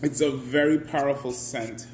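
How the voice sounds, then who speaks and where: A man's voice: mid-range voice, steady tone, moderate pace, slight background noise. A man hosting a casual live stream, chatty, greeting viewers by name and laughing often.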